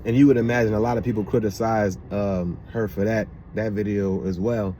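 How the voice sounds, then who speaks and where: A man's voice: lowish voice, steady tone, fairly quick, a little hiss or hum. A man with a DC-area accent giving rambling, casual commentary, often asking if you know what he means. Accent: Washington DC area. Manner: rambling, with repeated fillers. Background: loud car passing outside.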